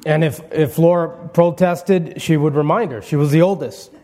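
Mellow-voiced pastor giving a eulogy. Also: male voice, a little high, fairly even intonation, normal speed. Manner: conversational storytelling with warm humor and frequent restarts. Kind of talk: funeral eulogy sermon. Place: church sanctuary.

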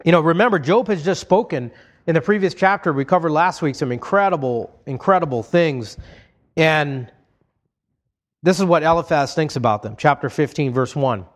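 A man's voice: a little high, normal speed. A man preaching an expository sermon, reading scripture aloud and paraphrasing it in an earnest, conversational way. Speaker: pastor.

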